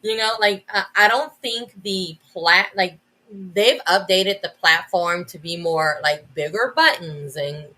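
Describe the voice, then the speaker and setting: A woman's voice: on the low side, unhurried, sharp tone, a little hiss or hum. A woman educator as a podcast guest, talking enthusiastically in a casual, rambling way with many restarts and "like" fillers.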